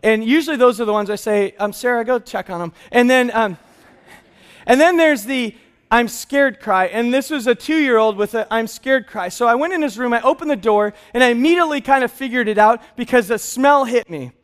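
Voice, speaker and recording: Male pastor, high voice, animated storytelling, thirties, sermon. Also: a little fast, clean tone.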